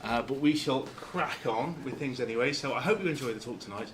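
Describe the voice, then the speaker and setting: A man from Lancashire giving an informal talk to a club, halting and full of fillers and restarts. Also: mid-range voice, a little hiss or hum. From Lancashire, England. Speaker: guest speaker.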